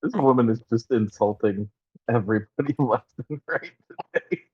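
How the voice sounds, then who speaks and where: A man's voice: mid-range voice, lively intonation, moderate pace, slightly rough, dull audio. A man player in a tabletop game, making wry, teasing remarks. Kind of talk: casual tabletop banter.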